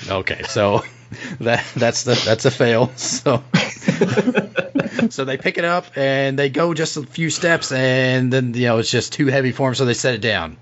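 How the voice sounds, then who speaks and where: A young man runs a tabletop game, narrating with a lively, swooping pitch. He stammers and laughs as he talks, and the recording sounds muffled and lo-fi. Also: measured pace. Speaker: game master. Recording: dull lo-fi recording.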